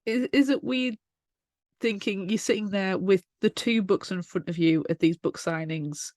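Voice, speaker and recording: A woman co-hosting a podcast interview, speaking in a measured, thoughtful way. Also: mid-range voice, darkish tone, no echo, studio quality. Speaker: podcast co-host. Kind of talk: casual interview chat.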